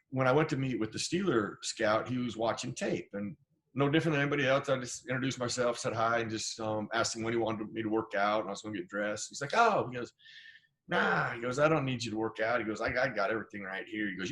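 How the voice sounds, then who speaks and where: A man's voice: medium pitch, fast, a bit bright, slight background noise. A middle-aged man from Idaho, guesting on an interview show and spinning stories from his playing days. He talks casually and with animation, slipping into the voices of the people he quotes. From Idaho, USA. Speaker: guest, former football player.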